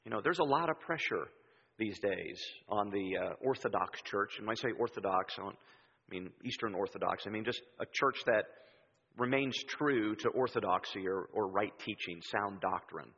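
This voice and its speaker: A man preaching a sermon in a church, telling stories in an animated way and acting out the voices he quotes. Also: on the low side, normal speed, slightly rough. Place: church sanctuary. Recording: dull sound with long hall reverb.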